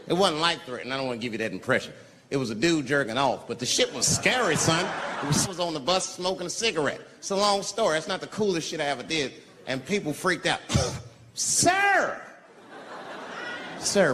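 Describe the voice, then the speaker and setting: Animated, profane stand-up comedian. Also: male voice, medium pitch. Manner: animated storytelling, acting out characters in many voices, heavy profanity. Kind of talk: stand-up routine. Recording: live venue with crowd noise. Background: audience laughter.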